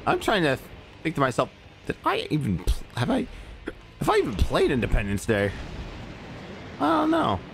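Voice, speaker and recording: A man with a gravelly voice streams a video game in relaxed let's-play chat, speaking at normal speed with huge pitch swings and long pauses. He keeps drifting into profane, swooping tangents about movies.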